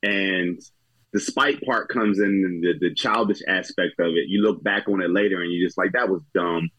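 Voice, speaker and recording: Low, husky-voiced man from New Jersey. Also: moderate pace, no echo, muffled recording. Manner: relaxed, laid-back talk with casual slang. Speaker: guest comedian. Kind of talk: casual chat.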